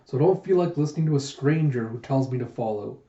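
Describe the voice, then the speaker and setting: A flippant, proud young dragon warrior in a storybook reading, sardonic and breezy in a mellow voice, as a man reads his lines. The sound is roomy and a little dull. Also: mid-range voice, fast, close to an everyday voice.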